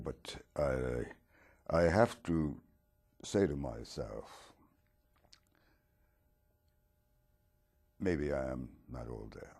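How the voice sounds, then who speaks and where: A man voicing Dracula as a mild, wistful aging vampire talk-show host, speaking slowly and haltingly. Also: extremely low pitch, darkish tone, full character voice. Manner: slow, halting, gravelly and husky.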